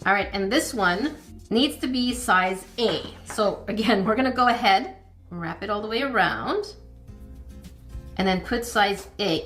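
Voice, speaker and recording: A woman at a mid-pitched, ordinary speaking level narrates a hands-on craft kit review. She chats along as she works, cheering herself on and breaking into flustered little exclamations. Light music sits faintly under her voice. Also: expressive, fairly bright tone. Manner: chatty, self-encouraging, easily flustered with quick exclamations. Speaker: craft channel host.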